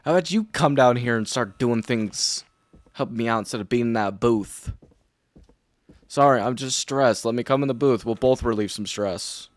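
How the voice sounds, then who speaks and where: Rambling, foul-mouthed young gaming streamer. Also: male voice, medium pitch, moderate pace, dry recording. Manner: rambling, swears, heavy filler words. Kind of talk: casual let's-play commentary.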